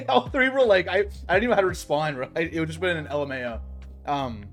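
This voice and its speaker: A man's voice: fairly high pitch, lively intonation, quick pace, soft background music. A young adult man streaming, telling a work story in casual chat, swearing and saying bro a lot.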